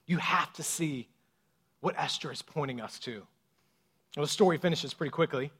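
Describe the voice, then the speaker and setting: A man preaching a sermon with a lilt, swinging from loud bursts to hushed lines and acting out voices as he tells the story. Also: on the high side, moderate pace, slightly rough. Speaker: pastor.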